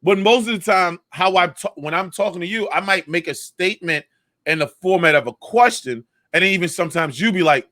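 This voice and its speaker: A man co-hosting a casual comedy podcast, ranting with lots of swearing and animated emphasis. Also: sits high, a little fast, no room sound, studio quality. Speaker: podcast co-host.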